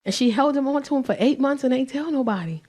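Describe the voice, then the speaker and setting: A middle-aged woman performing stand-up, telling family stories in an animated, profane way. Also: sits high, quick pace. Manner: animated, profane, acts out voices of her son and boyfriend. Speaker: stand-up comedian. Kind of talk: stand-up storytelling. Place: comedy club stage.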